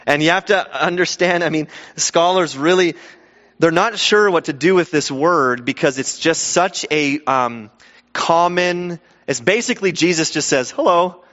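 A man preaching a sermon in a lively, conversational way, acting out the people in the story. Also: fairly high pitch, measured pace. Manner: animated, conversational, acts out quoted voices. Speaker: pastor. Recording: dull sound with long hall reverb.

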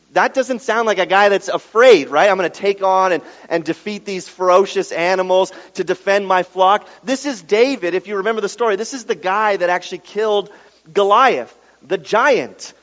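A man preaching a sermon, telling a story with lively acted-out quotes and dropping to a hushed tone when reading scripture. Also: high-pitched, normal speed. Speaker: pastor. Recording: dull sound with long reverb in a large room.

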